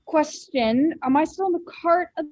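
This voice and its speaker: A woman's voice: high voice, normal speed, darkish tone, no room sound, highs cut off. A woman playing in a tabletop game, hesitantly asking rules questions. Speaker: player. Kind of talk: casual tabletop play.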